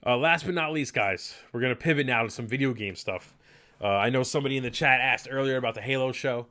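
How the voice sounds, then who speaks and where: Male podcast host, casual and enthusiastic, middle pitch, loose rambling delivery. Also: fast, sharp tone. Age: adult. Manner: chatty, enthusiastic, rambling with fillers. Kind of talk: casual live podcast chat.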